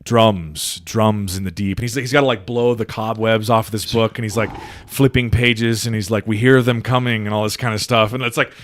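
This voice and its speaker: With slight background noise behind his medium-pitched, fairly quick voice, this podcast co-host retells movie scenes in laid-back conversation. He's an excited storyteller who swears heavily and performs the characters' lines.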